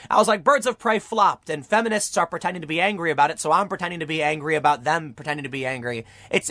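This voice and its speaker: A young man talking fast and heatedly in an online opinion monologue, firing off rhetorical questions as he argues his case. His voice sits high for a man, and the sound is close and dry, with no room around it. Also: no echo. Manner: animated, argumentative, rhetorical questions. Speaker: political commentary YouTuber.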